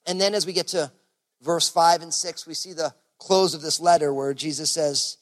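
A man's voice: on the high side, steady tone, normal speed. A man preaching a sermon as pastor in a casual, conversational way, full of fillers like "you know". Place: church service.

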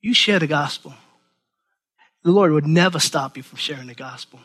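A man preaches with a fairly high voice. He is animated and acts out the people he quotes, often repeating words as he goes. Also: normal speed, pauses often. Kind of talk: sermon.

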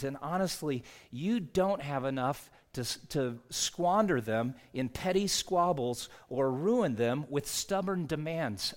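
Higher-voiced man preaching a sermon. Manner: conversational storytelling, earnest. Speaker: pastor.

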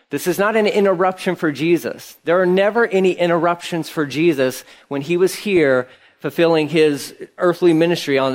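A man preaching a conversational sermon, telling the story casually and acting out quotes in an animated way. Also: on the high side. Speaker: pastor.

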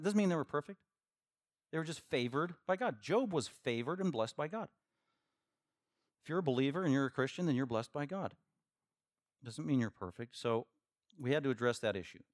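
A man preaching a verse-by-verse sermon as pastor, shifting from quiet teaching to loud, emphatic bursts. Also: no echo, clean studio sound. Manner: acts out imagined listeners in a higher voice. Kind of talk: expository sermon.

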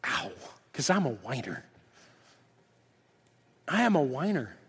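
A middle-aged male pastor preaching a sermon, acting out lively back-and-forth dialogues with God. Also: medium pitch, slow pace, husky. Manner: animated, acts out dialogue with God in different voices. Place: church sanctuary. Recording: reverberant church hall.

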